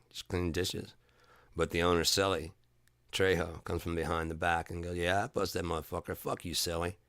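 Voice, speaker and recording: Low, bright-toned man rambling profanely. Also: smooth, dry recording, clean studio sound. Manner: profane, storytelling, jumps between topics. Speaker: vlogger. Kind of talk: rambling casual monologue.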